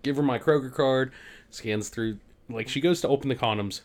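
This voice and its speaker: A man, a podcast co-host telling a profane, animated story in casual chat. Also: mid-range voice, moderate pace. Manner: profane, animated storyteller who acts out other people.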